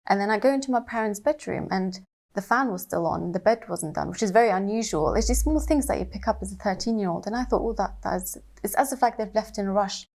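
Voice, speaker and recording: A young woman on a panel, telling a family story in a steady, detailed way with frequent ums. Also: medium pitch, quick pace. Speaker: panel guest.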